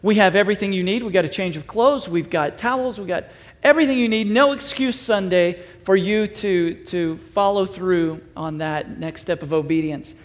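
A man's voice: high voice, normal speed. A man preaching as a pastor to his church, upbeat and conversational with self-deprecating humor. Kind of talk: sermon. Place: church auditorium. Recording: long hall reverb.

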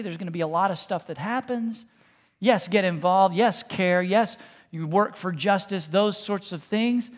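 A man preaching a sermon as pastor, talking casually and with humor, then softening to quiet, hushed repetitions. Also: sits high. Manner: conversational, joking preaching that drops to soft, hushed repetitions. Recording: long reverb in a large hall.

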